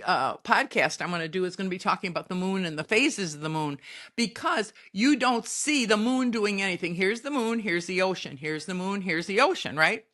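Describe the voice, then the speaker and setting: Podcast host, woman, middle-aged, bright forward tone, folksy and emphatic lecturer. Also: medium pitch. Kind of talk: spiritual advice monologue.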